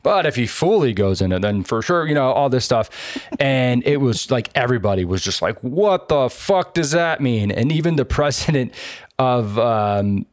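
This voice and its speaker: A man hosting a casual political chat, animated, sarcastic and swearing freely, with lots of fillers. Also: medium pitch, normal speed, dry recording, clean studio sound.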